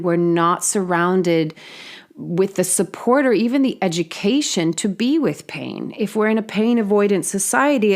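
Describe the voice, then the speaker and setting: A woman's voice: mid-range voice, darkish tone. A woman giving a reflective monologue on healing, talking earnestly and casually, with frequent fillers and the odd swear word. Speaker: spiritual healing host.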